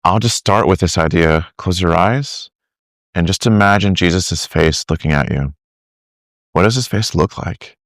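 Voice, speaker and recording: This middle-aged man, a discipleship teacher appearing as a podcast guest, has a low voice and a measured pace. His storytelling is lively, full of acted-out quotes and many restarts, in a conversational interview. The studio sound is clean, with no echo.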